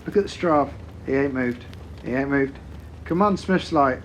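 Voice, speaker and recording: Sarcastic man with a gravelly voice. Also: a little high, normal speed, a little hiss or hum. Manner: sarcastic, swearing, mock-quoting his teammate in exaggerated voices. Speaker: gaming YouTuber. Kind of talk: sarcastic gameplay commentary.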